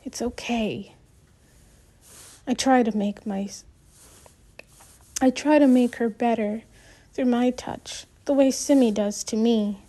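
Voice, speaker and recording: A woman narrating an audiobook in the first person, reading gently with the odd restart. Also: a little high, takes it slowly, pauses often.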